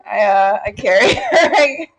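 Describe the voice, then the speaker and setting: A woman's voice: mid-range voice, huge pitch swings, a little slow, background noise. A woman playing a tabletop game, giggling through her lines. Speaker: player.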